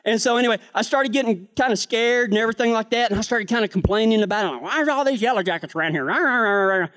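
A man's voice: high voice, rapid-fire, a bit bright. A man preaching a sermon, telling a joking, folksy cowboy story.

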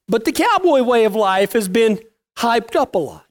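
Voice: medium pitch, big pitch swings, normal speed. A working cowboy telling stories casually, in a folksy, plain-spoken way with rural slang. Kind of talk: casual storytelling.

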